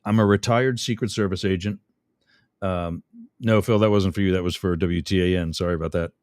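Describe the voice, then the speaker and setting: A man's voice: deep voice, steady tone, a little fast, a little mellow, smooth, no room sound. A middle-aged man hosting a radio talk show, rambling and chatty, often interrupting himself with fillers.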